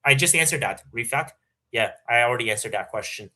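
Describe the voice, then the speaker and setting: A young man hosts a casual livestream, reading super chats and answering them off the cuff. His voice is mid-pitched, and his talk is halting, full of fillers and restarts. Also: animated, sharp tone. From Canada. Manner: halting, many fillers and restarts, laughs often. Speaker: livestream host.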